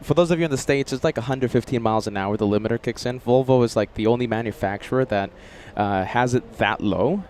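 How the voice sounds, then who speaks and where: A man hosting a live plane-spotting stream outdoors near a runway, chatty and excitable, rambling as he reads chat aloud. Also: mid-range voice, quick pace, hardly any pauses, slight background noise. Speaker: plane-spotting livestream host.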